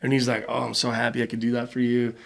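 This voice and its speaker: A man, a podcast guest, telling a story in a casual, animated way, with quick bursts of speech and lots of fillers. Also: mid-range voice, creaky, a crowd in the background. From Cayman Islands.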